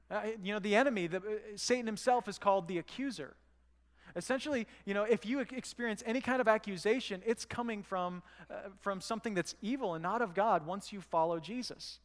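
A man's voice: sits high, brisk, in a large hall. A man preaching a sermon as pastor, talking to the congregation in a conversational way and asking them rhetorical questions. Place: church hall.

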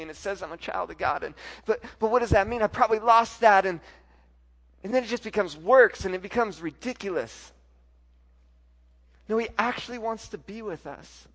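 High-voiced pastor preaching with swings. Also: male voice, moderate pace. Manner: storytelling, swings from soft and intimate to loud and emphatic. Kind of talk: sermon.

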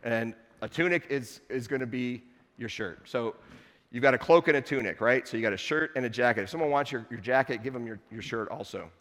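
A man preaching a sermon to his congregation in a relaxed, conversational way with playful asides. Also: mid-range voice, brisk, big-room sound. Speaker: pastor. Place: church sanctuary.

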